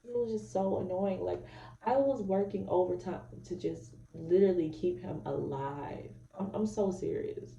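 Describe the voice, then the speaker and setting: A woman's voice: fairly low pitch, moderate pace, vocal fry, dark tone, far from the mic, highs cut off, a little hiss or hum. A young woman, a mother, talking to camera in a blunt, outspoken, candid way. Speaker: mom vlogger giving advice. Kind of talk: candid casual monologue. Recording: roomy echo, voice off-mic.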